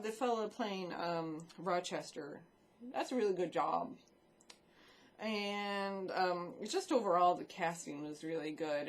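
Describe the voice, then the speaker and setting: A woman vlogging in a casual, rambling chat about films and shows she watched, swearing freely as she talks into a desk microphone. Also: medium pitch.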